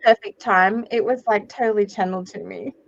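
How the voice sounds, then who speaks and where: A woman in her forties, a psychic medium guest, telling stories in a dramatic, animated way and swearing freely on a video call. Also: medium pitch, a little fast, creaky, muffled recording. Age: 40s. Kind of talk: casual video interview chat.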